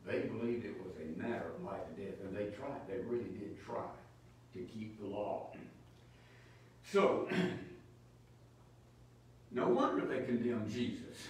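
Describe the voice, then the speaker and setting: A man's voice: on the low side, animated, slow, pauses often, slight background noise. A man teaching a Bible study sermon in a church, speaking emphatically and asking his listeners rhetorical questions. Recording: echoey church from far off.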